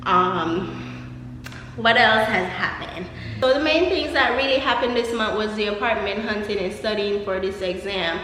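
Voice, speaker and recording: A woman's voice: mid-range voice, normal speed, a bit bright. A young woman with a Jamaican accent chatting casually as a vlogger, laughing often and rambling through asides. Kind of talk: casual chat. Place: empty apartment. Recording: echoey empty room.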